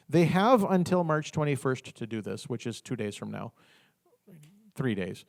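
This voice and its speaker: A man giving an informal business workshop talk, animated, acting out little dialogues with the audience. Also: medium pitch, moderate pace, vocal fry.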